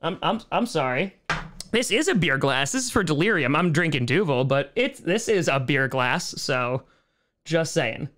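A man's voice: fairly high pitch, expressive, normal speed, a bit bright, a little hiss or hum. A man in his thirties hosting a casual live-streamed Q&A from home, joking, sarcastic and riffing on viewer comments. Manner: jokey, sarcastic, reads chat aloud and riffs on it.

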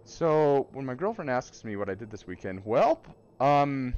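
A young man playing a horror game at a friend's home, reacting out loud. He talks to himself, exclaims when startled and laughs nervously. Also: mid-range voice, very animated, unhurried, clean tone, muffled recording.

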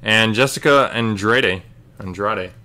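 Guy running a card break, kinda low but bright, calls out cards casual and chatty. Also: slow pace. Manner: casual, chatty, calling out cards as he opens packs. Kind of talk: live card break commentary.

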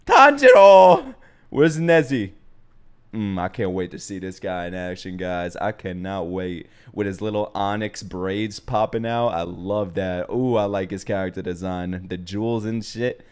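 A young man hosting an anime reaction video, talking casually, swearing freely, breaking into laughs and shouts. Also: low-pitched, steady tone, normal speed, hardly any pauses, smooth.

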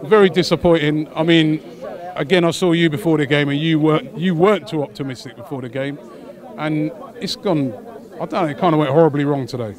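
A man interviewing fans outdoors after a match, asking calm, probing questions. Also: a little high, brisk. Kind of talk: street vox-pop interview. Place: outdoors near a stadium. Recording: crowd noise behind.

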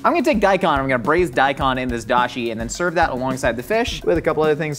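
A young man from Southern California with a Southern Californian accent, hosting a cooking show in a jokey, rambling, self-mocking way. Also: mid-range voice. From Orange County, California. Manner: goofy, rambling, self-mocking, laughs at his own puns. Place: studio kitchen.

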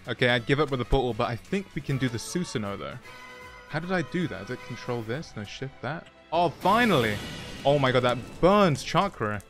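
A young man playing a video game, talking through it with excited, jokey, self-mocking commentary and short narrated asides. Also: medium pitch, a little fast, soft background music. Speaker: gaming YouTuber. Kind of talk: playthrough commentary with voice-over narration.

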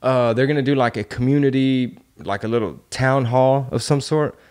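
A male podcast host talking in a casual, slangy way. His pitch sits in the middle range. He builds his points through strings of heated rhetorical questions. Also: moderate pace, a little mellow, smooth.

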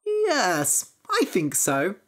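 A woman reading a storybook aloud, voicing a sly young male trickster with a smooth, scheming manner. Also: mid-range voice, wildly swooping pitch, very slow, voice pushed up, exaggerated voice.

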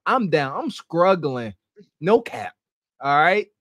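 A man co-hosting a reaction podcast, talking in an animated, slangy way and mimicking the people he reacts to. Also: on the high side, slow pace, no room sound, clean studio sound. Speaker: podcast co-host. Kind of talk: casual reaction commentary.

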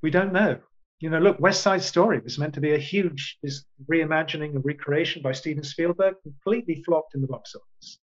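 An older man in his sixties tells winding anecdotes, restarting his sentences and voicing his own past thoughts aloud. His voice sits a little high for a man. The sound is dull and lo-fi, like call audio. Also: brisk. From England. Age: 60s. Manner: rambling anecdotes with many restarts and quoted asides. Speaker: actor, interview guest. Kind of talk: casual storytelling in an interview.

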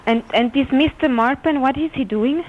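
Woman, high voice, polite receptionist, confused, giggly, dull phone audio. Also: moderate pace, a little hiss or hum. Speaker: receptionist taking a call. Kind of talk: phone call.

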